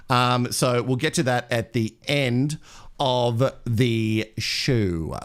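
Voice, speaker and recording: A man with an Australian accent hosts a live reality TV gossip show, chatting and laughing as he reads viewer comments. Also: mid-range voice. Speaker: host.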